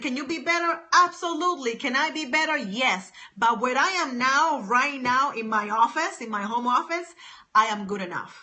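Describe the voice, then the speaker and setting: Super bright upbeat woman coach hyping people up on a live stream, kinda high voice. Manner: emphatic, exuberant, repetitive exhortations. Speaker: business coach. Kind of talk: live-stream motivational talk. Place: home office.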